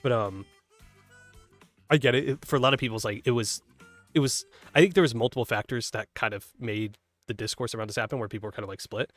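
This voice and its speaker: A man's voice: mid-range voice, fast, a bit bright, soft background music. A man casually commenting while playing a game, rambling with lots of fillers, swearing and laughing at his own mistakes. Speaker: gaming streamer.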